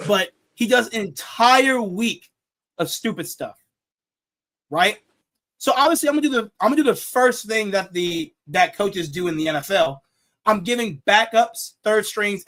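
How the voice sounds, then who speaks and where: A young man with a high voice hosts a casual sports talk show. He jokes, laughs at his own jokes and repeats his words as he goes. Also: lively intonation, normal speed, a bit bright. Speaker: show host.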